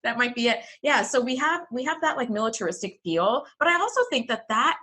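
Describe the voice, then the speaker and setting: A young woman co-hosts a casual podcast chat, her voice pitched a bit high and strikingly bright. She talks in an animated way, laughs often and leans on "like" as a filler. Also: fairly quick. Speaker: podcast co-host.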